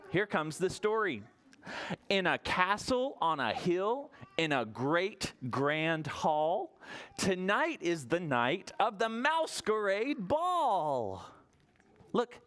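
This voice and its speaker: A children's librarian reading a counting book to a group of toddlers. The voice swoops high and low with lots of life, and the pace is slow and unhurried. The reader coaxes the little ones along, sing-song and playful. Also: a bit bright. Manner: sing-song, coaxing, asks the children questions; counts aloud slowly and playfully.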